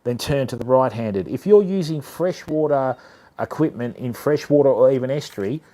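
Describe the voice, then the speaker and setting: A man's voice: mid-range voice, animated, normal speed, mellow. A man hosting a casual fishing livestream, chatting with viewers and calling them mate. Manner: chatty, matey, addresses chat as mate and fam. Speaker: livestream host of a fishing channel.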